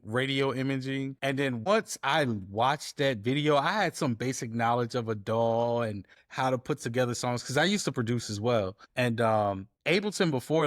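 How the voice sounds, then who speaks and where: Animated storytelling man, dry sound. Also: mid-range voice, dry recording. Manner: animated storyteller acting out quoted dialogue. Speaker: guest, DJ and editor. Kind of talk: casual storytelling interview.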